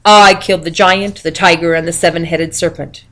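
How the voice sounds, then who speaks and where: A woman reading aloud, voicing a brave young man who speaks loudly and proudly. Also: fairly low pitch, steady tone, normal speed, lightly acted. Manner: loud, declaiming. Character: brave young male hero, bold.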